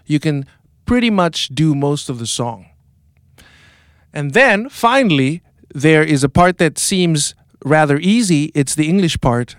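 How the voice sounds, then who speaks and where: A man from South Africa leads a group through a song, calling out phrases for them to repeat and chanting along to the beat. His voice is smooth and clear, a little higher than most men's, and he takes his time. The sound is dry and close. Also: expressive, a little slow, dry recording. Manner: call-and-response coaching, chanting lines to the beat. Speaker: music teacher.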